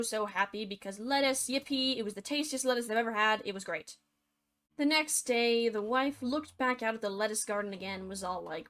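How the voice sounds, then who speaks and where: Bright young woman telling a jokey fairy tale. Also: a little high. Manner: chatty, sarcastic asides. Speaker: storyteller. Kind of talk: comedic fairy tale retelling.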